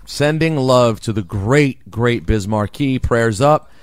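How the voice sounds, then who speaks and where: A man co-hosting a morning radio show, talking in emphatic, animated bursts. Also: medium pitch, takes it slowly, smooth, no echo.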